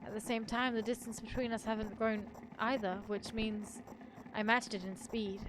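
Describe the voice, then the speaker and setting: A woman's voice: fairly high pitch, flat delivery, moderate pace, background noise. A woman streamer reading a horror story aloud in the first person, with joking asides.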